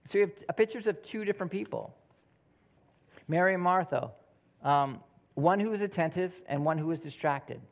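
Male preacher, casual animated sermon, slightly higher voice. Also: normal speed, pauses often. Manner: conversational, animated, acts out quoted voices.

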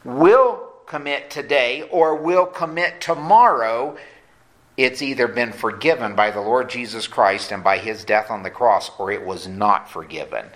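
A pastor preaching a sermon. He is earnest and slows down to stress key points. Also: medium pitch, fairly bright tone. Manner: earnest preaching, slows down for emphasis, acts out quoted voices.

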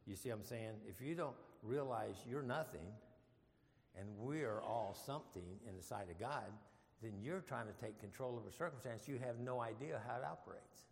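A man's voice: medium pitch, normal speed, gravelly. An older man teaching a casual Bible study in church, folksy and rambling, with frequent chuckles. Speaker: preacher. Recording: long hall reverb.

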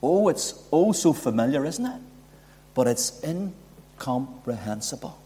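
A man's voice: medium pitch, sing-song, unhurried, mellow. A man preaching a sermon, building emphasis and asking rhetorical questions. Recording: long hall reverb.

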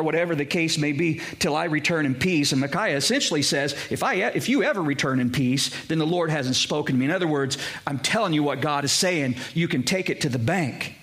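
A man preaching a sermon, emphatic and conversational, talking straight to his congregation with frequent asides. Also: a little high. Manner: emphatic preaching, swings between raised and hushed delivery. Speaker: pastor.

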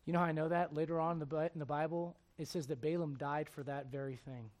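A male preacher delivering a sermon as animated storytelling, asking the crowd rhetorical questions. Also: a little high, quick pace.

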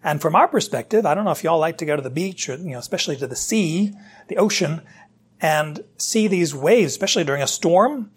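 A pastor preaches in an easy, conversational way, explaining scripture straight to his listeners. His voice is husky and sits a little high for a man. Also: lively intonation, a little fast. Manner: conversational, explanatory, addresses the congregation directly. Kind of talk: sermon, verse-by-verse Bible teaching.

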